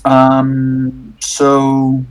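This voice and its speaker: A man's voice: medium pitch, monotone, very slow, rough recording. A man narrating a tabletop horror game as game master, hesitant, with many fillers.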